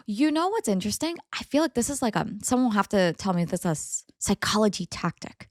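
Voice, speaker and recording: A woman co-hosting a casual story-discussion podcast with her partner, chatty and animated, laughing often. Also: mid-range voice, a little fast, no echo, clean studio sound. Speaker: co-host reading Reddit stories.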